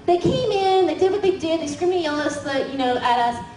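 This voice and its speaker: A woman comedian telling a comic story in an animated, giggly way, full of fillers and sound effects. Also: extremely high pitch, fast talker. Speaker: comedian guest. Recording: roomy far-off mic with crowd.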